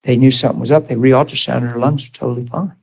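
A man preaching a sermon, asking the congregation rapid questions and dropping to soft, low storytelling. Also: creaky. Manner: animated, rising to high emphatic questions to the crowd.

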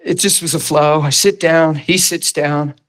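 A male preacher delivering a sermon in a lively, animated storytelling manner, often laughing and leaping up into high acted voices. His voice sits a little higher than most men's. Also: a little slow. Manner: animated, laughing storyteller with big pitch swings.

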